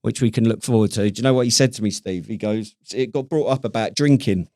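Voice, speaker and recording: A man's voice: fairly low pitch, quick pace, darkish tone, no room sound, clean studio sound. A man from Britain co-hosting a podcast at a friend's house, chatting casually, rambling and leaning on tag questions. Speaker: podcast co-host. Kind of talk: casual chat.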